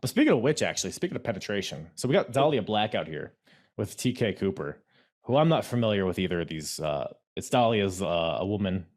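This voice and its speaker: Recapping wrestling with his podcast partner, this man speaks in a lowish, darkish voice that swings widely in pitch at a fairly quick pace. He rambles, keeps correcting himself and gestures as he talks.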